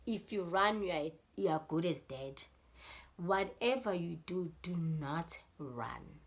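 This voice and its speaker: A woman's voice: on the low side, expressive, unhurried. A South African woman telling a story in a casual vlog, rambling with many fillers and acting out scenes. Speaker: YouTuber.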